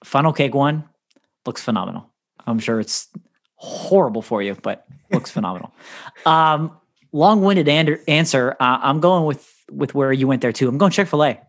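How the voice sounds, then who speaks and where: A man in easygoing podcast chat, with a voice of middling pitch. He rambles through long answers, jokes around and laughs often. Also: expressive, normal speed. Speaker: podcast co-host. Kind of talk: casual chat.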